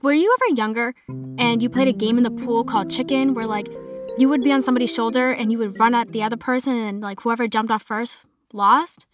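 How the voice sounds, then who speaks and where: A woman's voice: fairly high pitch, fairly bright tone, dry recording, studio quality. A young woman from Massachusetts with a mild Boston accent, chatting casually as a podcast host, full of "like" fillers. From Massachusetts, north of Boston. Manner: chatty, bubbly, lots of "like" fillers. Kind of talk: casual solo podcast chat.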